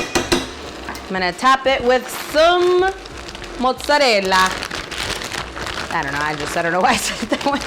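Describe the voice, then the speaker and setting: Woman, native Spanish speaker, casual cooking vlog host, bubbly and chatty, mid pitch, faint background noise. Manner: chatty, bubbly, jokey asides. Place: home kitchen, food sizzling.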